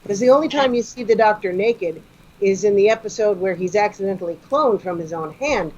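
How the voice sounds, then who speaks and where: A woman's voice: medium pitch, brisk, a little mellow, breathy edge. A woman guesting on a comedy podcast, chatting eagerly and explaining fan trivia. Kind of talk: casual podcast chat. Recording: dull lo-fi sound with faint noise.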